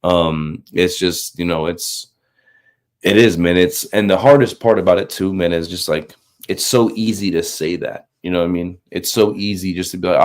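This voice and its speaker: Deep-voiced guy in his 30s telling a story, lots of um and you know, jumps into other people's voices. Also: normal speed. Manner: animated, acts out quoted voices, many fillers. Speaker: Marine recruiter. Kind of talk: casual storytelling about faith.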